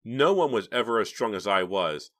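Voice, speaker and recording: A man reading an audiobook, voicing a vengeful, unhinged young woman who shouts in fury. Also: on the low side, expressive, normal speed, pitched above the performer's own voice. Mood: raging. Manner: shouting, furious.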